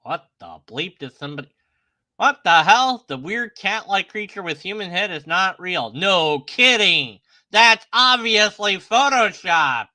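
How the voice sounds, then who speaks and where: Lively, bright-voiced sarcastic man. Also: high-pitched, measured pace. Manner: sarcastic, questioning, mocking voices. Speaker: YouTube host. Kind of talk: casual commentary on images.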